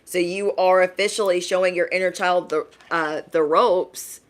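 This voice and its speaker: A woman's voice: lowish voice, fairly even intonation, moderate pace. Frank, emphatic woman doing a reading. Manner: emphatic, frank, tags lines with "okay?". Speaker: tarot reader. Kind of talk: casual livestream reading.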